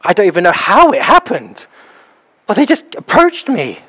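Animated preaching man, fairly high voice. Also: normal speed, breathy edge. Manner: animated, acts out little scenes. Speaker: pastor. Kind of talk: sermon. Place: small house church.

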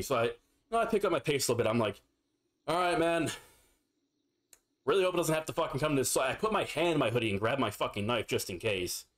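Young male streamer, mid-pitched, loose profane storyteller over quiet game music. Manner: profane, rambling, filler-heavy. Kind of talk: casual storytelling while gaming.

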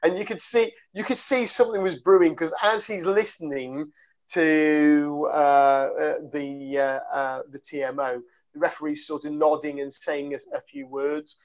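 A man's voice: on the high side, fairly even intonation, unhurried. A man hosting a casual podcast chat, rambling and laughing through a story. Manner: rambling, full of fillers and laughter. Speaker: podcast host. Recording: dull lo-fi podcast audio.

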